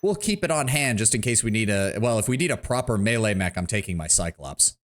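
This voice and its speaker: A man streams a video game, chatting casually, swearing some and enthusing about mechs. His voice sits on the low side and is expressive and brisk.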